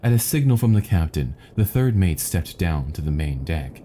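Male storyteller, deep and mellow, deliberate reading pace. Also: sing-song, a little hiss or hum. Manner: measured, deliberate. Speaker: narrator. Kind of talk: scripted narration of a fable.

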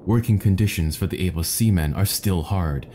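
Persuasive ship's mate in a spoken fable, read by a man, low, mellow voice. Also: moderate pace, slight background noise, natural voice. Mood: placating. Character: smooth, placating male ship's third mate.

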